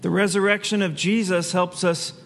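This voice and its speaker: A man's voice: high-pitched, flat delivery, normal speed, a bit bright, long reverb tail, slight background noise. A man preaching a sermon as pastor, in a conversational way with asides he laughs at himself.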